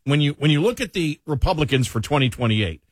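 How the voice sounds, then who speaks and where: Husky talk radio host with a Buffalo accent. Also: male voice, on the high side, animated, a little fast, no room sound, clean studio sound. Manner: easygoing, chuckling banter. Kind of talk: casual talk radio chat.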